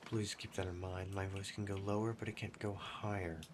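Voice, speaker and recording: Rambling low-voiced man, keyboard clacking. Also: little pitch movement, fairly quick. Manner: rambling, self-deprecating. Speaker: gaming YouTuber. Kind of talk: casual chat over gameplay. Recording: clear keyboard typing noise behind. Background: computer keyboard typing.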